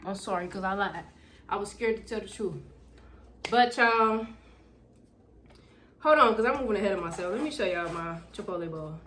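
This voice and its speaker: Young woman, casual storytime vlog, animated and profane, noisy home recording. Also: medium pitch, normal speed, pauses often. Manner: loud, animated, profane chatter. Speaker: YouTuber. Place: home room with backlight. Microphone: camera in front of her.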